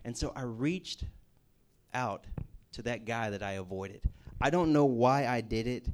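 Guy preaching his testimony, chatty storytelling with jokes, normal-pitched voice. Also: unhurried. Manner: conversational storyteller, jokey asides. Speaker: campus ministry speaker. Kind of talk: personal testimony sermon.

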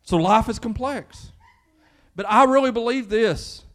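High-voiced Kentucky pastor preaching. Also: male voice, measured pace. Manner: conversational, building to fervent emphasis. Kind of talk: sermon. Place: church.

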